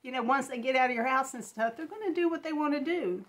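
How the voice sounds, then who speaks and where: A woman in her fifties talking through tears in a personal home vlog, halting and restarting often. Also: sits high, animated, a bit bright. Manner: halting, tearful, many restarts. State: crying. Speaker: vlogger.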